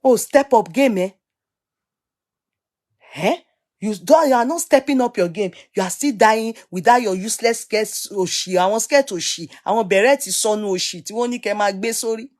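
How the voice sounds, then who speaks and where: A middle-aged Nigerian woman giving an opinionated casual rant, animated and scolding, switching between English and Yoruba. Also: mid-range voice, brisk. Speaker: vlogger.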